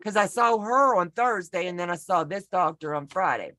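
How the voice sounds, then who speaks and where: A woman with a lowish, slightly bright voice and lively intonation talks at a moderate pace with no room sound. Co-hosting a sewing pattern walk-through via video call from home, she tells a meandering personal story casually, folksy, chatty, and self-deprecating.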